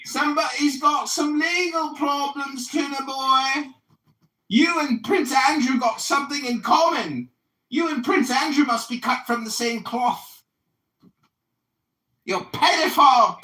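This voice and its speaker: A man in his forties from the United States, a political candidate shouting taunts and insults in a heated online argument. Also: extremely high pitch, reverberant, recorded from a distance, poor audio. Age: 40s.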